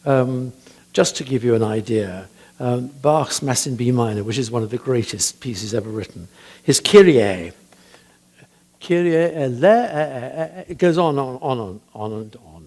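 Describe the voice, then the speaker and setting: Older man, husky, chatty anecdotes. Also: mid-range voice, normal speed, a little mellow. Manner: chatty, hesitant with many ums, laughs at his own stories. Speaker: church musician and composer giving a talk. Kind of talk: anecdotal talk.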